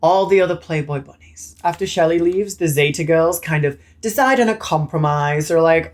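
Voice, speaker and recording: A man's voice: a little high, moderate pace, few pauses. A young man with a British accent, recapping a film in a sassy, camp, swearing manner. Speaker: film reviewer. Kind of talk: casual movie recap.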